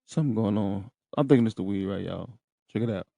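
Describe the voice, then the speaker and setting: A man's voice: lowish voice, fast, vocal fry, dark tone, no echo. A man hosting a podcast, telling listeners a story in slangy, profane casual talk and often checking in with them. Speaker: podcast host. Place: room in a rehab center.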